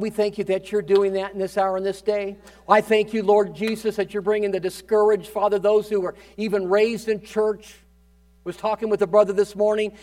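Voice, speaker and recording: High-voiced fervent male preacher. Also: clear, resonant tone. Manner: fervent preaching, swings between loud declarations and hushed asides. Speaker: pastor. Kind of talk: sermon.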